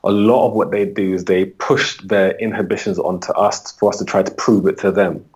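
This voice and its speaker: A man's voice: steady tone, moderate pace, a little mellow, slightly rough. A man from the UK, a holistic coach, answering interview questions and acting out his talks with clients. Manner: acts out client dialogue with rising pitch.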